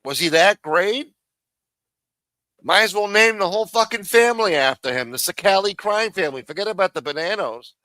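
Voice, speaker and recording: A man's voice: sits high, lively intonation, normal speed, bright, forceful tone, no echo. A man hosting a live stream, commenting casually on a clip in a rambling, profane, exasperated way.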